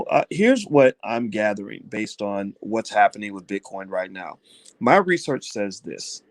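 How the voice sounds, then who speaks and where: A man's voice: on the low side, dry recording. A middle-aged man giving blunt, conversational commentary on finance to his viewers. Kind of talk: live-stream talk to viewers.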